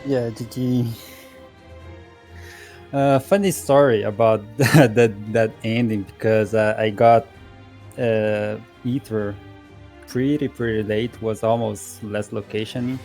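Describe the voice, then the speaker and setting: Low guy, monotone, kinda halting, retelling his race with little laughs. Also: soft background music. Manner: halting, repeats words, chuckles while telling a story. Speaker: racer being interviewed. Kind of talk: casual post-race interview.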